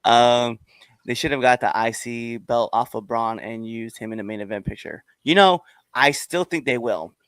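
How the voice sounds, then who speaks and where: A man hosts a wrestling podcast in a loose, animated way, laughing often between points. His voice sits at a middle pitch. The sound is dry and close, with no room around it. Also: moderate pace, smooth, no echo. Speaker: podcast host. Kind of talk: casual wrestling chat.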